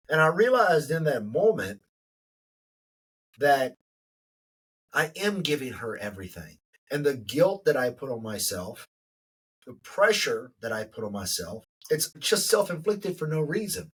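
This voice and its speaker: A man's voice: medium pitch, animated, normal speed, husky, recorded from a distance, low-quality recording. A middle-aged man hosting a podcast, giving an emphatic motivational monologue and repeating lines for effect. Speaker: podcast host.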